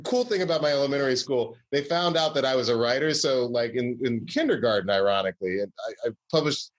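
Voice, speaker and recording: A man's voice: mid-range voice, expressive, fast. A man from Georgia, a comedy writer, telling stories in a casual interview with many fillers and restarts.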